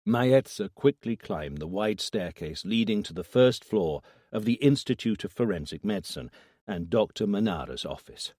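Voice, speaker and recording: A man narrating an audiobook thriller in a measured, even way. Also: lowish voice, dry recording, clean studio sound. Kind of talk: scripted narration.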